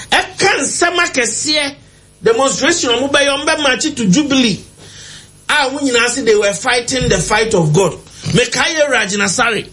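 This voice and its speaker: A man with a Ghanaian accent holds forth in a heated talk-show debate, his voice sitting unusually high for a man. He argues emphatically and presses his points hard. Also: lively intonation, unhurried, bright, forceful tone. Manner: emphatic, argumentative, mixing languages. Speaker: political commentator.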